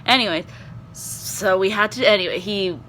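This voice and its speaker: A young woman, vlogging in a casual, rambling chat that is full of fillers and easily excited. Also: medium pitch, moderate pace, slight background noise. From Canada. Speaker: vlogger and performance teacher.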